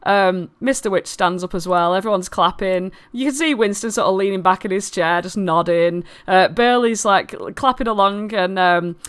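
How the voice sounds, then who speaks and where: A woman narrating as game master in a tabletop game, lively and giggly, with lots of fillers. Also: mid-range voice, normal speed, few pauses, clear, resonant tone.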